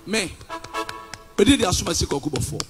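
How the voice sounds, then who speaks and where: A male pastor with a Ghanaian accent preaching a combative sermon, shouting and sliding into sing-song phrases. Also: high-pitched, expressive, normal speed, over loud music. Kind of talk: fiery sermon.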